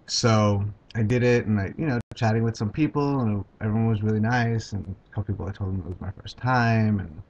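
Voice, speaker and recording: Husky low-voiced man, halting recount. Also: darkish tone. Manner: halting, hesitant, many ums and restarts. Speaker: video blogger. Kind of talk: casual personal recount. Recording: dull lo-fi home video sound.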